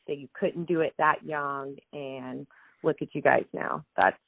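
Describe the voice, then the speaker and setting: A woman's voice: sits low, steady tone, measured pace, vocal fry, no echo. A woman hosting an interview, affirming her guest's answers before moving to the next question. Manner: warm affirming remarks, then questions. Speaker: podcast host. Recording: tinny phone-like line, dry.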